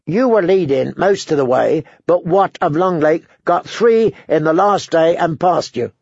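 A man's voice: fairly high pitch, unhurried, vocal fry, darkish tone, breathy edge, no echo, pitched above the performer's own voice, heavily acted. A man voicing a playful young male soldier who talks in a teasing way. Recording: dry, slightly dull recording.

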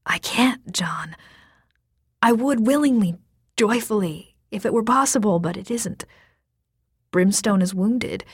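A woman's voice: mid-range voice, lively intonation, measured pace, pauses often, husky, no echo, clean studio sound. Woman reading as a grim, weary dragon rider uncle. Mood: pained. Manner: urgent, strained pleading.

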